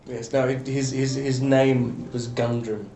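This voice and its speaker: A man's voice: medium pitch, little pitch movement, unhurried, warm tone. A man running a tabletop game, talking loosely and rambling with jokes. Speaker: game master. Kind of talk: casual tabletop game narration. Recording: echoey room, distant mic, faint noise.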